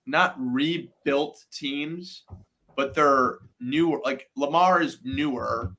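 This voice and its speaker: A man's voice: medium pitch, slow, pushed and bright. A young man hosting a casual podcast, talking in a slangy way with lots of "dude" and "like".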